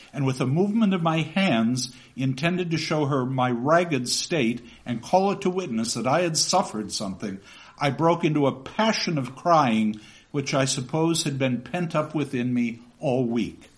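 A man's voice: mid-range voice, lively intonation, measured pace. A man lecturing on a novel and reading passages aloud, with chatty asides that end in "okay?".

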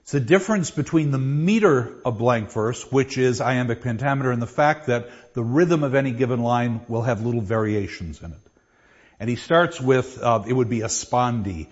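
A man teaching a class, explaining verse and reading lines aloud with pauses. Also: medium pitch, breathy edge. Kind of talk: classroom lecture. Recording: dull lo-fi classroom recording.

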